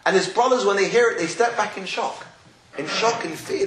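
A man's voice: high voice, a little fast, a bit bright. Man teaching Torah in an echoey room. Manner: storytelling, with rising questions. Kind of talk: Torah class on the weekly portion. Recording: echoey room, faint noise.

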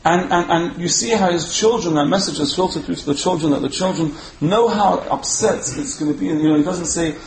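A man retelling a religious folk tale in a lively way, restarting phrases often and mixing in Yiddish and Hebrew words. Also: fairly high pitch, a little fast, hardly any pauses, a little hiss or hum. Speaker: storyteller. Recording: roomy echo.

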